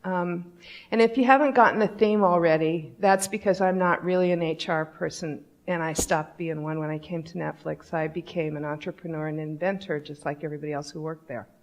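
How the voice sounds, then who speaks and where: A woman's voice: sits low, fairly even intonation, brisk, dull audio. A woman giving a conference talk on company culture, speaking bluntly and candidly in a conversational way.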